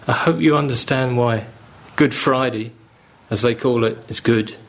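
A man's voice: mid-range voice, a little slow. A man preaching a sermon, earnest and pleading, building to fervent emphasis. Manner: earnest, pleading, rising with fervour.

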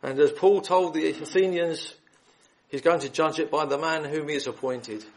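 A man's voice: on the high side, moderate pace. A man preaching the gospel in a hall, reading scripture aloud and then appealing earnestly and directly to his listeners. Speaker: lay preacher.

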